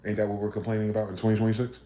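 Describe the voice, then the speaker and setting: A man rants on a livestream, swearing freely and pressing listeners with combative rhetorical questions. His voice sits in a mid range with a dark, mellow tone, and his room gives it a noticeable echo. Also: fairly low pitch, completely flat delivery, racing. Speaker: livestream host. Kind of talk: ranting livestream monologue.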